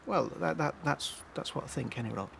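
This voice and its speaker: A man's voice: on the high side, quick pace, creaky, a bit bright, slight background noise. An actor playing an earnest, stammering man who argues passionately for the adoption of troubled children.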